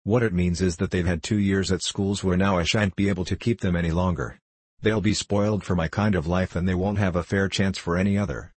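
A man's voice: low voice, fairly even intonation, a little fast, breathy edge, dry recording. A man reading as a weary, practical middle-aged woman. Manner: tired and impatient.

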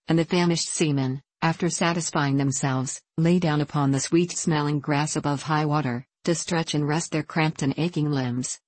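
A woman narrating an adventure story aloud in a steady, measured way. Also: deep voice, no room sound. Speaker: audiobook narrator. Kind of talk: scripted narration.

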